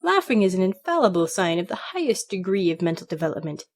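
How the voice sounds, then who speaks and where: A woman voicing a boastful male pet parrot, smug and witty, who drags out his catchphrase loudly. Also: lowish voice, very animated, fast.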